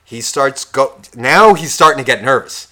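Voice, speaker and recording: A man's voice: mid-range voice, lively intonation, moderate pace, sharp tone. A man co-hosting a podcast, telling a story in a heated, profane rant. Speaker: podcast co-host. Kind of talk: casual comedic storytelling.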